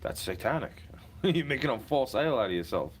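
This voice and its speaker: A man's voice: mid-range voice, very animated, slight background noise. A young man ranting in a casual, profane, rambling monologue while sitting in a car. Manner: agitated, profane, rambling and rapid-fire.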